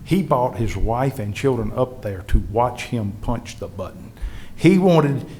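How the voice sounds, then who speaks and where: Unhurried and medium in pitch, a state legislative leader tells a history panel audience earnest anecdotes, animatedly voicing what colleagues said. Slight background noise is audible.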